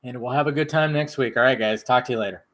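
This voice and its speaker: A man's voice: mid-range voice, fast, fairly bright tone. A man hosting a casual drinking stream, rambling, swearing and laughing while he has the hiccups. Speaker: channel host.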